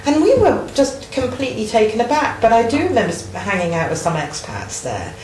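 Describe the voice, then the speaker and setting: A woman's voice: fairly high pitch, big pitch swings, brisk, darkish tone, echoey room, rough recording. A woman interviewer, earnestly and reflectively recounting her own experiences in casual chat.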